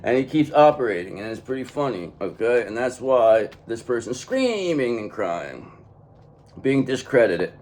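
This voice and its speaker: A man's voice: medium pitch, sing-song, moderate pace, a little mellow. Emphatic man doing a tarot reading. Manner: emphatic, keeps adding "okay?" after each point. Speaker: tarot reader.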